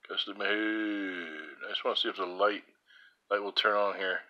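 A man's voice: on the low side, fairly even intonation, normal speed, pushed and bright, lo-fi sound. A man filming himself on a phone at home at night, rambling sleepily to the camera and laughing at his own jokes. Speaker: vlogger. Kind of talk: rambling self-filmed vlog.

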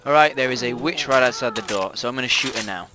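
A man's voice: medium pitch, quick pace. A man hosting a let's play, chatting and calling out what happens in the game. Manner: lively, chatty, calls out game events. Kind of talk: casual gaming commentary. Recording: loud gameplay noise behind.

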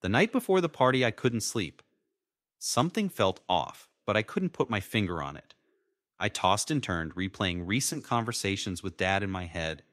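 A young man in his twenties narrates a dramatic first-person story in a low voice with lively, emotional swings. The voice-over is dry and close, with no room sound. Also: normal speed, dry recording.

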